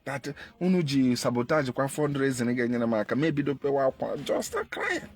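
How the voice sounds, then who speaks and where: A man with a Nigerian Igbo accent delivering an impassioned political monologue, repeating his points and jumping in pitch for emphasis. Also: steady tone, brisk, a little mellow. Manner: emphatic, repetitive, pitch leaps when stressing. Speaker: activist commentator.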